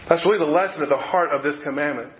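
Male preacher, fairly high voice, relaxed conversational sermon delivery, roomy echo. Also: quick pace. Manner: conversational, reads quotes aloud, occasional repeated words. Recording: echoey room, slightly dull sound.

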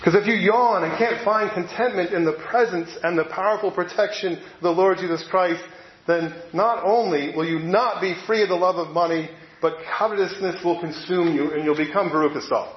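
Male preacher, fairly high voice, relaxed conversational sermon delivery, roomy echo. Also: moderate pace, slight background noise. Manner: conversational, reads quotes aloud, occasional repeated words. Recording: echoey room, slightly dull sound.

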